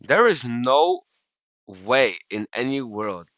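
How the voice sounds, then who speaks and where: A man's voice: medium pitch, very animated, slow, fairly bright tone, dry recording. A man rambling and swearing casually as he comments over his own gameplay, often breaking off mid-sentence. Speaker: gaming commentator. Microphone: desktop mic while recording screen.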